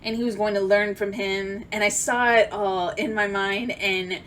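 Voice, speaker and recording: A young vlogger tells a rambling, emotional story-time tale full of fillers and restarts, swinging from loud excited outbursts to quiet, near-tearful talk. Her mid-range voice is unhurried, and there's a little hiss or hum.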